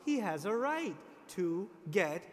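A man's voice: high voice, big pitch swings, slow, a little hiss or hum. A man preaching a sermon to an audience, emphatic, repeating key phrases, asking rhetorical questions and making joking asides. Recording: long hall reverb.

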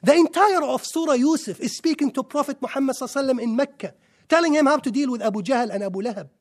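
A man giving an impassioned religious lecture to a live audience, excitable and firing rhetorical questions at the listeners. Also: extremely high pitch, racing. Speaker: Islamic lecturer.

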